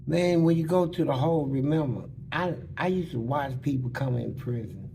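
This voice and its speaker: A man bluntly telling prison stories in casual, animated talk. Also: medium pitch, moderate pace, gravelly, background noise. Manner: animated, blunt, slips into voices. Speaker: interviewee.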